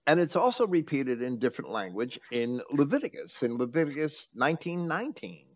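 A man's voice: medium pitch, big pitch swings, fairly quick, muffled recording. A man hosting a talk, teaching from scripture with emphatic quoting. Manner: preachy, quotes scripture with emphasis. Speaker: host.

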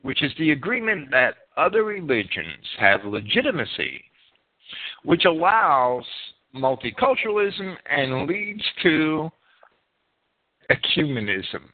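Lively man narrating history, tinny sound. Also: fairly high pitch, slow pace. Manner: lively, swooping emphasis with self-corrections. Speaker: history series presenter. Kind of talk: read narration of a history lesson. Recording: tinny phone-like band.

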